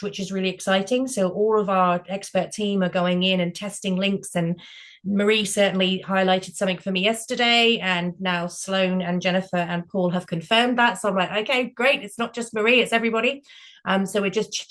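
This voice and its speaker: A woman founder hosting an online meeting, briskly walking her team through a new platform. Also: mid-range voice, steady tone. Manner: upbeat, brisk, explains step by step. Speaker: project founder and meeting host. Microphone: video call.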